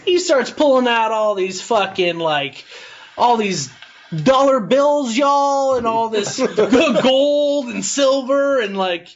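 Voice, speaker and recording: A man with a notably high voice tells a long, filthy bar joke on a casual podcast. He rambles, swears freely and chuckles as he goes. The recording is dull and lo-fi, with faint background noise. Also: expressive, slow pace. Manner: rambling, swears a lot, laughs through his own joke. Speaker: podcast co-host.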